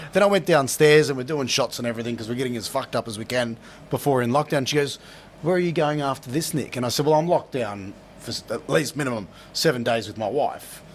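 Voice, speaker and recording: A man's voice: mid-range voice, a little hiss or hum. A man, blunt and swearing, telling a story in casual chat.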